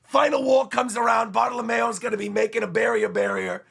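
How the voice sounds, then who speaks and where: A man streaming a comic reaction live, excitable and emphatic, who often repeats himself. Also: very high voice, a little fast, gravelly, breathy edge.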